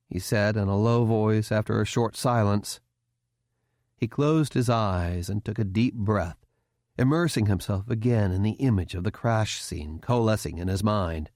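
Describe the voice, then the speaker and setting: A man's voice: on the low side, measured pace, darkish tone, no echo. Dry-voiced male audiobook narrator. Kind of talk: scripted narration.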